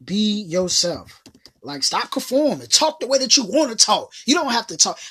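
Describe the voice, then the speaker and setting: A woman's voice: fairly high pitch, big pitch swings, normal speed, a bit bright, slightly rough. A woman hosting a casual motivational talk, who speaks emphatically and repeats her phrases in a slangy, conversational way. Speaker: motivational podcast host.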